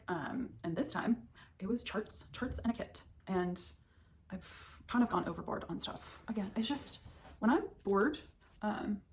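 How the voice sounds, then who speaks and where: A young woman hosting a stitching vlog, chatting casually and thinking aloud as she shows her purchases. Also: mid-range voice. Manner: chatty, rambling, thinks aloud with many ums. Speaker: flosstube host. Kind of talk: casual chat showing stitching haul.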